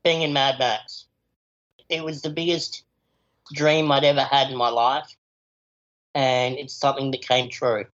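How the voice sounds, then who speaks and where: A man's voice: mid-range voice, flat delivery, measured pace, long pauses, a bit bright. Enthusiastic man, lo-fi recording. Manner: enthusiastic, chatty, with fillers like "you know". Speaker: actor, interview guest. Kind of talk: casual interview answers. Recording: slightly dull lo-fi recording.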